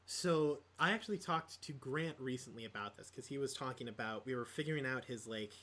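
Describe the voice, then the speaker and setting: A man's voice: mid-range voice, brisk, fairly bright tone. A man co-hosting a podcast in casual chat, rambling with lots of fillers and laughs. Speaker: podcast co-host.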